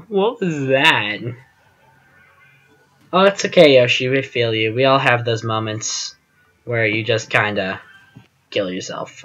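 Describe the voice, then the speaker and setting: A man's voice: mid-range voice, sharp tone, lo-fi sound. A man giving casual gameplay commentary as host of his channel, rambling and self-deprecating, often trailing off with fillers.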